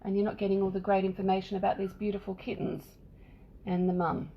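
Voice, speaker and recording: A woman's voice: mid-range voice, level tone, fast talker, dull audio, slight background noise. A middle-aged Australian woman hosting a cat rescue livestream from her home, talking casually and at length about the kittens. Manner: chatty, rambling, fond baby talk to the kittens.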